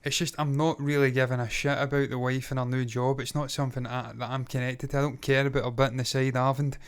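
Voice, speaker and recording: A man's voice: medium pitch, level tone, quick pace, clean tone. A man co-hosting a reaction video, blunt, chatty and opinionated. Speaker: co-host. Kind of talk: casual reaction chat.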